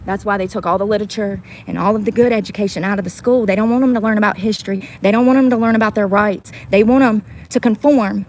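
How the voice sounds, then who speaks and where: A woman's voice: mid-range voice, fairly even intonation, fast talker, few pauses, darkish tone, slight background noise. A woman ranting heatedly on a casual livestream, swearing often and repeating herself for emphasis. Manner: heated, profane, repetitive. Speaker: livestream host.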